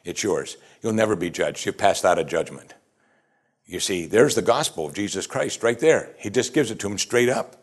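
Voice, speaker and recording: A man preaching a sermon, emphatic and animated, asking his listeners rhetorical questions. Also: on the low side, moderate pace. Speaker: pastor.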